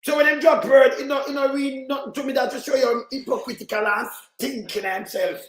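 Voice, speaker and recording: Give me a Jamaican man with a very high voice, mocking and heated, reacting to clips in a room with echo. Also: steady tone, a little fast, few pauses, a bit bright. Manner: heated, mocking, speaks in patois. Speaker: political commentator. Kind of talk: reaction commentary on played clips.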